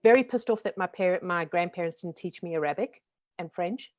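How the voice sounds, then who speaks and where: A woman in her forties from South Africa with a softened South African accent, talking frankly and lively as a guest in a casual interview. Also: lowish voice, dry recording, lo-fi sound. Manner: lively, frank, talks in quick runs. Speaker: guest, brand strategist.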